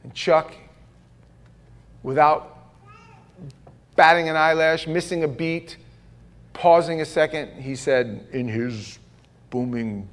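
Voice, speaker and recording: A man preaching a sermon in a church, telling stories in an animated way and joking at his own expense. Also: fairly high pitch, takes it slowly, long pauses. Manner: animated storytelling with self-deprecating jokes. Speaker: pastor. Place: church sanctuary.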